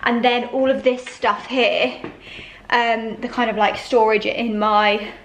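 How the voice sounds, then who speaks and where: Chatty woman, slightly high voice. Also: fairly even intonation, measured pace, slight background noise, poor audio. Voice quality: chatty, gushing, many fillers. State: out of breath. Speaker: vlogger. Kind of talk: casual vlog chat to camera.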